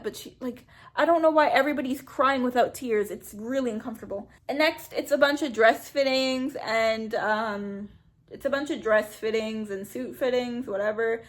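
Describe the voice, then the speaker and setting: A woman giving casual, blunt and sarcastic commentary as a YouTuber reviewing a reality show. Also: on the high side.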